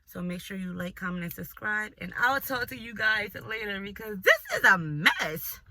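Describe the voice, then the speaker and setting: A young woman vlogger telling a dating story in a casual, animated and profane way, often breaking into laughter. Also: medium pitch, moderate pace, very noisy. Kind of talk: storytime vlog.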